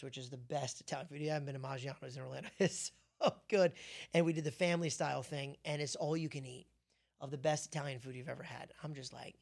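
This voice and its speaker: A man's voice: fairly high pitch, fairly bright tone. A man hosting a faith podcast, preaching in a loose, joking, self-deprecating way full of asides.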